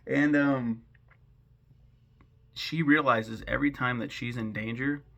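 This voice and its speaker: A man's voice: medium pitch, fairly even intonation, slow, gravelly, fairly bright tone, highs cut off. A man giving a casual, rambling film recap, sarcastic and swearing freely as he goes. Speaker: film commentary host.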